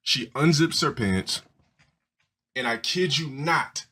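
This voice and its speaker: A man's voice: mid-range voice, lively intonation, slow pace, pushed and bright, slightly rough. A man streaming live and telling crude, rambling stories to his viewers, swearing and restarting often. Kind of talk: casual profane storytelling to a live audience.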